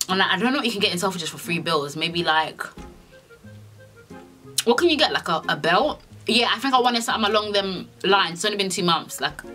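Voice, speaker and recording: A young woman telling a storytime vlog in a sassy, animated way, swearing a lot and acting out the dialogue. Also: mid-range voice. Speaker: vlogger.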